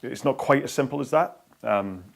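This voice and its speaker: A man hosts a live rowing session from his indoor setup. His voice carries a gravelly, creaky edge at an ordinary middle pitch. He rambles casually, stumbling over fillers and restarting his sentences as he goes. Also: normal speed. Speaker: rowing workout host. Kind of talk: live-stream workout chat.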